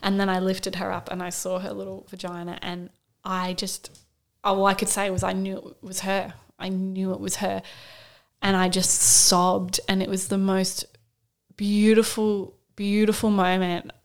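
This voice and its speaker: A woman's voice: mid-range voice, completely flat delivery, unhurried. Woman, thirties, podcast co-host, candid storyteller, quotes herself. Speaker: podcast co-host sharing her birth story. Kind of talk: casual chat.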